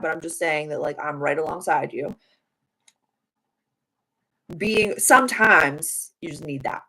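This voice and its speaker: A woman's voice: low voice, rough recording. A young adult woman giving a casual live tarot reading, chatty and affirming with spiritual wording. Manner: chatty with many "like" fillers. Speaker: tarot reader and live-stream host.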